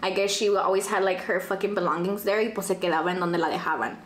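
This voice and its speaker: A young woman, telling a dramatic storytime in casual chat, profane and animated, dropping in Spanish phrases. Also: lowish voice, fast talker, slight background noise. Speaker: vlogger. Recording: echoey room, faint ambience.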